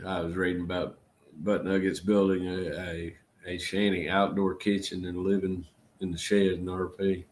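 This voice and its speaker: A middle-aged man from Georgia with a Southern accent hosts a casual livestream chat. His voice sits a little low, and his talk is folksy and rambling, full of y'all. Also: level tone, moderate pace, slight background noise. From Georgia, USA. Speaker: channel host.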